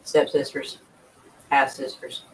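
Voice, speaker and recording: A man's voice: takes it slowly, slight background noise, poor audio. A man chatting casually and at length, rambling and swearing freely. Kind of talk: casual chat.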